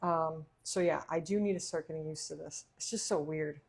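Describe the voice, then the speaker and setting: A woman's voice: low-pitched, steady tone, moderate pace, vocal fry, breathy edge. A woman hosting a casual cooking livestream, chatty and laughing often while she eats. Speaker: cooking show host.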